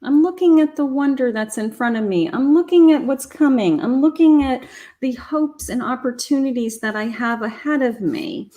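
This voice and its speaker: A woman's voice: high voice, normal speed, mellow. A woman giving a live tarot reading, chatty and encouraging, talking straight to the viewer. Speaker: psychic tarot reader.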